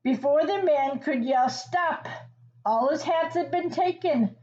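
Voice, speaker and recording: Woman reading a picture book to kids, slow and gently teacherly, slightly high voice; slightly muffled recording. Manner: gentle teacherly asides and questions to the listener. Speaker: children's story reader.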